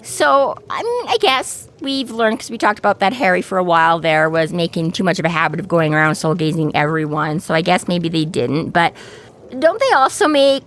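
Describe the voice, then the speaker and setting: A woman's voice: fairly low pitch, very animated, moderate pace, a little hiss or hum. A woman from Canada co-hosting a podcast, talking through a book in a rambling way, full of restarts and fillers. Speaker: podcast co-host. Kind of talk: casual book discussion.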